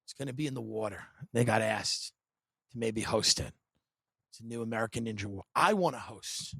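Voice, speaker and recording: A man hosting a podcast, riffing in a sarcastic, deadpan comedic monologue full of dark satire and sudden mimicked voices. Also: fairly low pitch, brisk, gravelly, breathy edge, dry recording. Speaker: podcast host.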